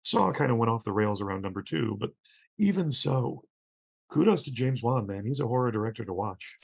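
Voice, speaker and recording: A man speaking casually as a podcast guest, with a very gravelly, husky voice. He tells stories with animation and acts out the lines he quotes. His pitch sits in a middle range. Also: animated, a little fast, a little mellow. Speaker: guest, theatre professor. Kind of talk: casual conversation.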